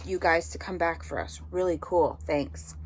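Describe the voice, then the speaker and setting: A woman's voice: on the low side, moderate pace, slight background noise, close to an everyday voice. A woman voicing a loyal schoolboy friend with a casual, slangy way of talking. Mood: grateful.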